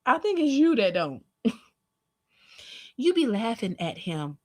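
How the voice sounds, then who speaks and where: A woman's voice: fairly high pitch, sing-song, slow pace. A woman streamer giving casual reaction commentary on social media posts, sassy and blunt, swearing and laughing often.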